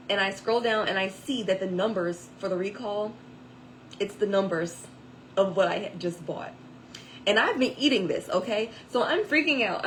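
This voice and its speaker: A woman's voice: medium pitch, a bit bright, a little hiss or hum, poor audio. A woman telling a personal faith testimony in a chatty way, with many fillers and asides. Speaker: author giving a testimony.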